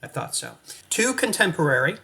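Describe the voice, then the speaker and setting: Male acting coach, slightly raised pitch, energetic and playful, addresses viewers directly. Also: normal speed, gravelly. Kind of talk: coaching monologue to camera.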